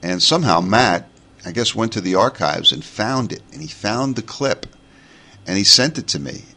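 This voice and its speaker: A man's voice: fairly low pitch, animated, normal speed, gravelly, sharp tone, breathy edge. A man in his forties from New York, with a New York accent, hosting a podcast in a rambling, chatty monologue full of fillers and restarts. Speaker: podcast host.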